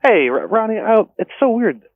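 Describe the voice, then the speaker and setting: A man's voice: sits high, sing-song, normal speed, no echo. A male caller chatting amused with a radio host over a tinny phone line.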